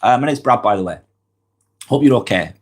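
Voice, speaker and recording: A man's voice: mid-range voice, lively intonation, brisk, a little mellow. A man with a Lancashire accent and a cold, hosting a casual live vlog and chatting back to viewer comments. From Lancashire, northwest England. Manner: chatty, reads out comments and answers them directly. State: has a cold. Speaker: live-stream vlog host.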